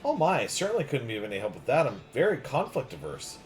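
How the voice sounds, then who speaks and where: A man's voice: medium pitch, wildly swooping pitch, fast, soft background music. A man voicing a polite, conflict-averse lady who loves birds, prim and gushing. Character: polite, bird-loving middle-aged lady.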